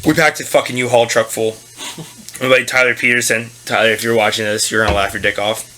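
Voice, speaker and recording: Bright-voiced man telling a rowdy story. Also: mid-range voice, fast talker. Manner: storytelling, swearing, loud animated impressions. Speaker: podcast host. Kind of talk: casual chat. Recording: faint background noise.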